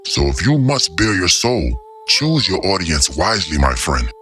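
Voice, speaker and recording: A man's voice: sits low, big pitch swings, moderate pace, bright, forceful tone. A man narrating commentary in a dramatic, mocking tone with old-fashioned phrasing. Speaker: commentary host.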